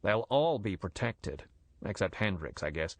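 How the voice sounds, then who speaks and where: A man's voice: on the low side, sing-song, unhurried, no echo, exaggerated voice. Man playing a curt gangster boss. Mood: threatening. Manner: curt, blunt, threatening. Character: menacing, touchy American gangster boss.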